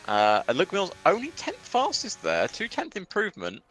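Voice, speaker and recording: A man's voice: high-pitched, huge pitch swings, moderate pace, a bit bright, soft background music. A man commentating a live sim-racing qualifying session, chatty and joking with rambling asides. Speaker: esports race commentator.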